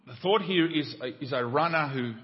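A man with an Australian accent, a pastor preaching a sermon in a church, telling a joke with rising excited voices. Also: moderate pace. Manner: preaching with a joke, voices climbing high in the tale. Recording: dull church recording with long reverb.

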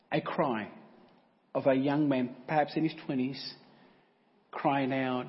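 A man preaching a sermon, telling a story dramatically, swinging from loud declarations to hushed whispers. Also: a little high, moderate pace, pauses often. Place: large church. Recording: reverberant church hall, dull lo-fi audio.

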